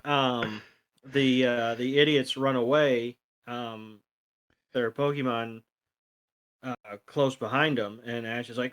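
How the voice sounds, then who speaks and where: A man's voice: medium pitch, fairly even intonation, slow, fairly bright tone. A man co-hosting a podcast, retelling a cartoon episode in a casual, rambling way with many ums and uhs. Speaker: podcast co-host. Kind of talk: casual plot recap.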